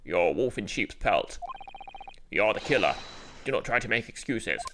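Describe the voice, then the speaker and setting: A man voicing a stern ship officer in a game, gruff, menacing and clipped. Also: lowish voice, expressive, moderate pace, background noise. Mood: accusing.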